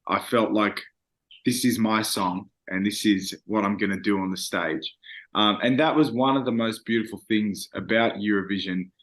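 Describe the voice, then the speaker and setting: A man's voice: on the low side, fairly even intonation, moderate pace, a bit bright. A young man, a singer, talking earnestly and reflectively in a casual interview, with frequent fillers.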